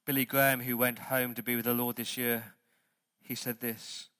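A man pastor preaching a sermon, stressing words loudly and then dropping to quiet asides. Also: mid-range voice, level tone, normal speed. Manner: emphatic preaching, swings between loud stresses and quiet asides.

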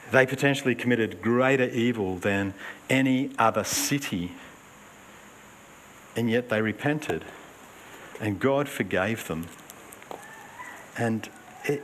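A man preaching a sermon in an earnest, emphatic way, swinging between raised urgency and hushed emphasis. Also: mid-range voice, slight background noise.

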